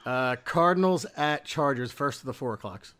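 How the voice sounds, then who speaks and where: A man's voice: mid-range voice, normal speed, a crowd in the background. Ranting male sports podcast host. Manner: ranting, animated complaints. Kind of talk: casual sports chat.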